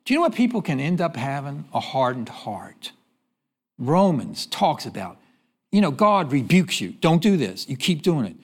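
Man preaching, high voice, very lively swings, call-and-response questions, sermon style. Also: normal speed, slightly rough. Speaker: pastor.

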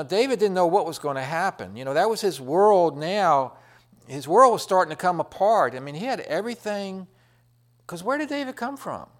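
A middle-aged man preaching a sermon, retelling a Bible story in a folksy, rambling way with many fillers and restarts. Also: on the high side.

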